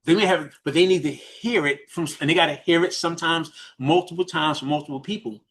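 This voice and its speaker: A man from New York with a New York accent, a business mentor giving a fast, animated coaching talk on a group call, full of restarts and repeated questions. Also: a little high.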